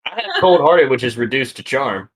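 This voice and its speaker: A man playing a tabletop role-playing game, casual and playful, dropping low for his character. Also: huge pitch swings, moderate pace, background noise. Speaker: player. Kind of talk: tabletop role-play chat.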